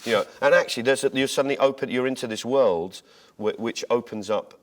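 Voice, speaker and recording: A man being interviewed as a comedian, telling jokes and stories in an animated way, restarting his sentences as he goes. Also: mid-range voice, fairly quick, slight background noise. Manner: animated, tangents and restarts while retelling jokes. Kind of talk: conversational interview storytelling.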